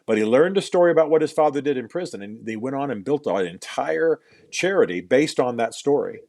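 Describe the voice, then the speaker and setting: A man's voice: mid-range voice, lively intonation, a little fast, gravelly, darkish tone, no room sound. A middle-aged man, an author being interviewed on a podcast, telling stories in an earnest way, often repeating words as he builds a point and adding dry jokes at his own expense.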